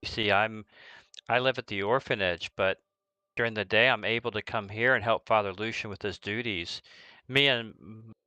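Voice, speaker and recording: A man's voice: fairly low pitch, normal speed, pushed and bright, smooth, no echo, poor audio. A man doing a stammering timid orphan boy. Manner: stammering, hesitant.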